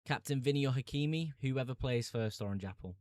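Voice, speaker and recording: A man's voice: medium pitch, fairly quick, a little mellow, no echo. A young man streaming live, chatting casually, laughing easily, and answering viewer comments about fantasy football picks.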